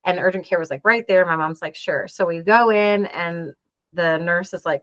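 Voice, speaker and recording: A woman's voice: on the low side, steady tone, normal speed, a bit bright, dry recording. A woman in her forties telling a personal story in an interview, earnest and acting out the dialogue as she goes. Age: 40s. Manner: earnest, acts out quoted dialogue. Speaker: interview guest. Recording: dull, dry lo-fi sound.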